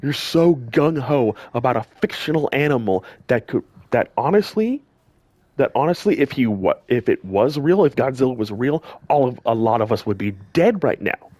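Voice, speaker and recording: A man's voice: mid-range voice, animated, moderate pace, hardly any pauses, darkish tone, no room sound. A man delivering a heated, scolding rant straight at his audience as a commentator, repeating lines for emphasis. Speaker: gaming channel commentator. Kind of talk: angry direct-to-camera rant.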